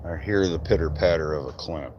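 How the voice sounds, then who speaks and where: A man's voice: very deep voice, a little fast, dull audio, background noise. A man from Michigan who runs a tree business, chatting casually and swearing freely on a live stream from an outdoor work site. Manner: swears freely, loose rambling talk.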